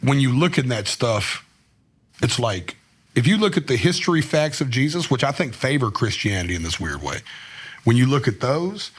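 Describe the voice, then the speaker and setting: A husky-voiced man, a guest musician in his thirties. He tells his stories in a loose, slangy, rambling way with plenty of fillers. He speaks at an everyday pitch into a studio microphone. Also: big pitch swings, normal speed. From Tennessee, US. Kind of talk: casual storytelling interview. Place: podcast studio.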